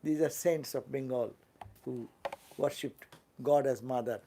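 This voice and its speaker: A man's voice: medium pitch, mellow, slight background noise. An older man, a monk with an Indian English accent, giving a fervent sermon and often asking his listeners questions. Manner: fervent, asks the listeners questions, quick tag-questions. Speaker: monk giving a spiritual talk.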